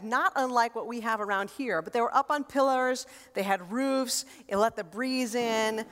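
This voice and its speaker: A woman with a high voice preaches a sermon in a relaxed, conversational way. She leans on rhetorical questions and emphatic repetition, and her voice trails off into a long hall reverb. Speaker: pastor.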